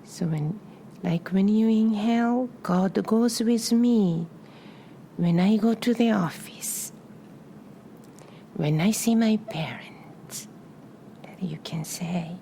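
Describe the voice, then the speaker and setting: A woman leading a guided meditation in a soft voice that often drops to a breathy whisper, repeating short phrases and calm cues with long pauses in between. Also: medium pitch, slight background noise. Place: live session in front of a small audience.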